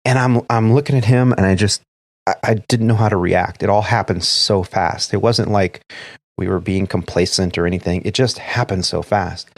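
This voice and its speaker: A man's voice: fairly low pitch, steady tone, normal speed, no echo. A man, an airline first officer, telling a story from work in a casual podcast chat, acting out the radio calls as he goes. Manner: recounts events step by step, acting out quoted radio calls.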